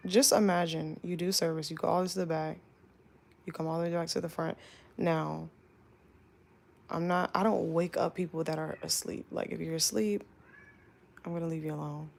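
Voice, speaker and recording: A young woman with a lowish voice and a heavy creaky fry tells a work story as a casual storytime. She is chatty and animated, and she says "like" all the time. She sounds like she is talking loosely with friends. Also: normal speed, long pauses. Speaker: flight attendant.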